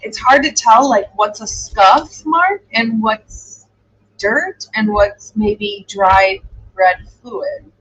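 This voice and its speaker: Husky-voiced woman musing on a livestream. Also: fairly high pitch, extremely slow. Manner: musing, hesitant, thinking aloud; coos softly to her dog. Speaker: true crime livestream host. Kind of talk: live reaction commentary. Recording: dull lo-fi stream audio.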